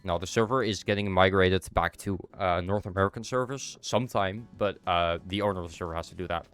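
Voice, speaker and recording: A young man from the Netherlands chats loosely with his stream chat while he plays. His voice sits very low, and a cold has left his nose stuffed. Faint music plays underneath. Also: a little fast, a bit bright, clean tone, no room sound. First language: Dutch. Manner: chatty, answers chat while playing. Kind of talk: casual chat while gaming.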